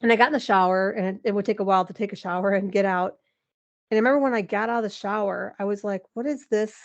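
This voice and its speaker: A woman in her forties, a podcast guest, telling a personal story in an animated, emotional way, with lots of "like" and some laughter. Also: medium pitch, fast talker, muffled recording. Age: 40s. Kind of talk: candid interview storytelling.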